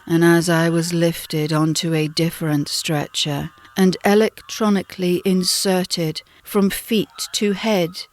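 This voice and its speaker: Slow, low-voiced British woman narrating. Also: a little mellow. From Britain. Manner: slow, dramatic storytelling. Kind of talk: audiobook memoir narration.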